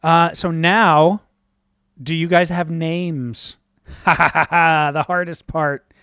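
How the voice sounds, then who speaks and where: An unhurried game master sets the scene for the players, leaning on drawn-out "uh" fillers between thoughts. The voice sits mid-range and sounds close and dry, with no room behind it. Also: mid-range voice, smooth, no echo. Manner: relaxed, upbeat, lots of "uh" fillers, casual swearing. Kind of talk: improvised tabletop game narration.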